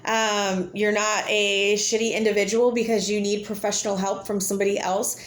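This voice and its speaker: A woman's voice: medium pitch, little pitch movement, moderate pace. A woman, talking casually to camera as a vlogger, blunt and chatty, laughing often. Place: home with children nearby. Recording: echoey room.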